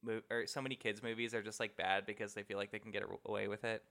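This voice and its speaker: A man's voice: lowish voice, fast talker. A young man co-hosting a casual movie podcast, laughing often and acting out lines from the film. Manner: animated, laughs often, quotes characters. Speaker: podcast co-host.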